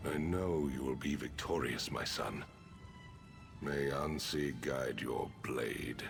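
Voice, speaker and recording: Stern old desert king, proud father, slow grand speech, video game, loud music behind. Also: very deep voice, vocal fry, exaggerated voice. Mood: solemn.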